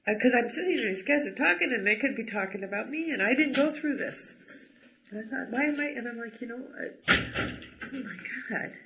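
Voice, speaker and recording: Rich: A fairly high-voiced man with a bright, forward tone, speaking bluntly and with agitation as he works through a painful family history. He swears when he gets angry. The recording sounds dull and lo-fi. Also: expressive, a little fast. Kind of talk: emotional personal conversation.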